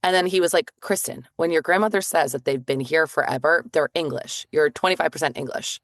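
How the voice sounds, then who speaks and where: A woman co-hosting a podcast, telling stories in casual chat with quick asides and lots of fillers. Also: low voice, dry recording, clean studio sound. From northeastern United States. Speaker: podcast co-host.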